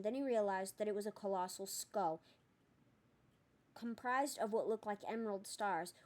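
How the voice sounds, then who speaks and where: A woman reading a novel aloud as narrator, steady and expressive with small slips. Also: mid-range voice. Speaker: audiobook reader.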